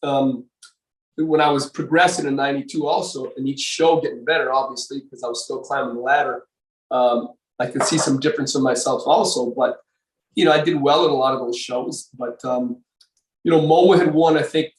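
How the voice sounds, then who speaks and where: A man's voice: mid-range voice, steady tone, a little fast, roomy sound, far from the mic, low-quality recording. An older man, a former bodybuilder, telling a long story as a podcast guest, rambling with many fillers and restarts. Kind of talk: casual storytelling interview.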